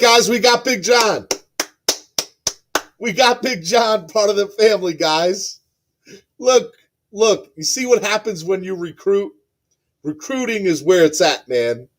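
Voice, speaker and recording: Excitable podcast host, slow and high. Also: male voice. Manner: excitable, repeats phrases, reads chat aloud. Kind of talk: live-stream podcast chat.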